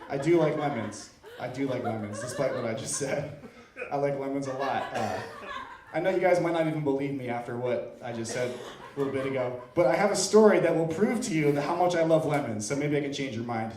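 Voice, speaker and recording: A man's voice: mid-range voice, brisk, reverberant, distant mic. A man from Iowa doing an open-mic stand-up set in a comedy club, playful and self-deprecating as he works the crowd.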